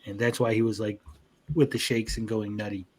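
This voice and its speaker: A young man co-hosting an anime review show, recapping episodes in casual chat, swearing freely and jumping into quick character voices. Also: fairly low pitch, level tone, a little mellow, slightly rough.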